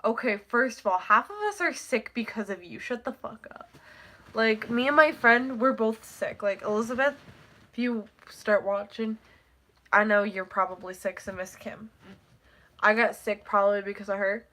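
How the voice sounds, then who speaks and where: Teen girl, stuffy congested nose, bright voice, rambling live stream chat, casual swearing. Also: mid-range voice, moderate pace.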